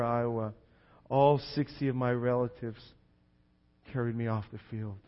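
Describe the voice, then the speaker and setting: A pastor telling a story in his sermon, swinging from hushed near-whispers to excited shouts. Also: medium pitch. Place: church sanctuary. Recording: reverberant hall, slightly dull sound.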